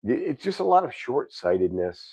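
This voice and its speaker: A man's voice: medium pitch, sing-song, normal speed, darkish tone, breathy edge, no room sound, low-quality recording. A man in his thirties with a New York accent, hosting a casual chat, rambling with repeated words and casual swearing. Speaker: podcast host.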